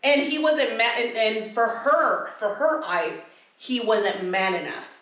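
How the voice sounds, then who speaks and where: A woman co-hosts a casual podcast, retelling events with animated energy and leaping into high voices for quotes. Her voice sits slightly high and a little away from the mic. The room around her is very echoey. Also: measured pace, recorded from a distance. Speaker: podcast co-host. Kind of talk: casual chat.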